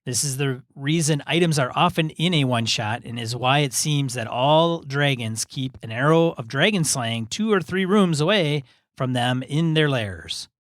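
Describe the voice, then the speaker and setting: A man's voice: mid-range voice, lively intonation, a bit bright, no room sound. Male podcast co-host, easygoing reader with chatty asides, dry close recording. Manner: easygoing, reads in measured chunks with asides. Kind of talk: casual chat, reading a listener email aloud.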